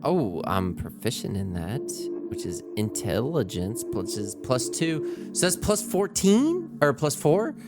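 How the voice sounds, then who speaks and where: A man playing a tabletop game, excitable and casual with slang. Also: mid-range voice, unhurried, few pauses, over music. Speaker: player.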